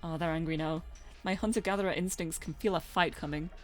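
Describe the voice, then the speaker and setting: A woman streamer reads a visual novel aloud in her own voice, playful and quick to poke fun at herself. Faint game music plays behind her. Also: lowish voice, fairly even intonation. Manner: playful, self-mocking.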